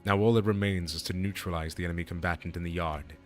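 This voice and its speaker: A man voicing a composed, formal game character in a measured, solemn way. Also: low voice, fairly even intonation, soft background music, voice pushed down, close to an everyday voice.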